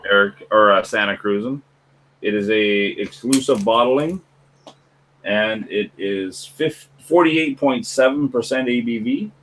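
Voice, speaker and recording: A man's voice: lowish voice, a little slow, fairly bright tone, slight background noise, low-quality recording. A man on a live stream, buzzed, musing in an offbeat, wandering way. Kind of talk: casual chat.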